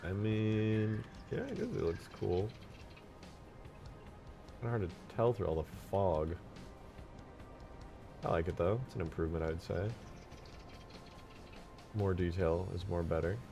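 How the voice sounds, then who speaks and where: A man's voice: low-pitched, expressive, measured pace, long pauses, mellow, soft background music. A young man talking casually while modding a game on a live stream, joking with chat and muttering to himself as he works. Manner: jokey, talks to himself and chat while working.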